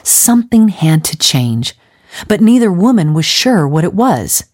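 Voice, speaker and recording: Low-voiced woman reading a story. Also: sing-song, a little slow, darkish tone. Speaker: audiobook narrator. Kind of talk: storybook narration.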